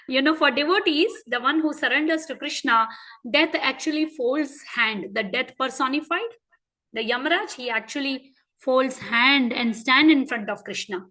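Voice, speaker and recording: A woman with an Indian English accent teaching a class of children, asking them frequent questions and telling stories in an animated way. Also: high-pitched, a little slow, rough recording. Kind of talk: interactive lesson for children.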